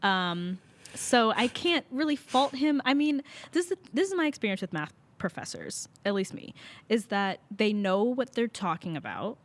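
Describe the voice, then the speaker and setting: A woman's voice: mid-range voice, sing-song, normal speed. A young woman co-hosting a podcast, chatting casually with lots of fillers and laughs. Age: young adult. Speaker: podcast co-host. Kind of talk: casual chat.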